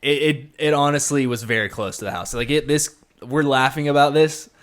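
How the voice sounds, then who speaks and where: A man's voice: medium pitch, brisk. Casual man telling a story on a podcast. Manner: animated storyteller acting out quotes. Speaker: podcast co-host.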